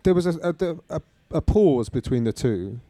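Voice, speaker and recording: A man asks interview questions in a warm, mellow voice, recorded dry and close. He stumbles a little and rephrases as he goes. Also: fairly high pitch, lively intonation, moderate pace, no room sound.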